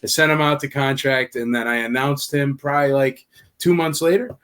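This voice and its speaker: A man from the Nashville area, a convention organizer appearing as a podcast guest, tells stories in a casual chat, animatedly acting out quoted dialogue. His voice is mid-range at a moderate pace, with a noisy background.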